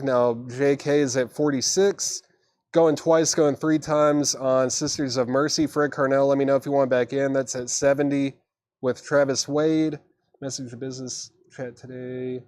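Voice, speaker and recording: A man's voice: a little high, a little mellow, no echo. Man running a casual live record sale. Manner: casual, chatty, quick patter with laughs. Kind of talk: livestream auctioneering.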